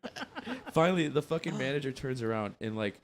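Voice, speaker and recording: A man's voice: medium pitch, sing-song, a little fast. A man co-hosting a casual podcast chat, telling stories and swearing often. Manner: profane, storytelling. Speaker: podcast co-host.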